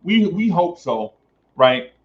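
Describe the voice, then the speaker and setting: A man's voice: on the high side, sing-song, takes it slowly. A man hosting a casual sports talk stream, reading chat comments aloud and repeating phrases for emphasis. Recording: dull lo-fi stream audio.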